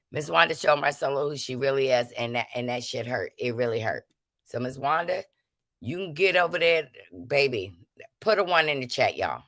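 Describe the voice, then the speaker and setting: A woman's voice: extremely low pitch, fairly bright tone, no room sound, clean studio sound. Confrontational woman ranting on a livestream. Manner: confrontational, calling people out; preachy, invoking prayer and forgiveness. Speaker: livestream host. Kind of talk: ranting livestream talk to chat.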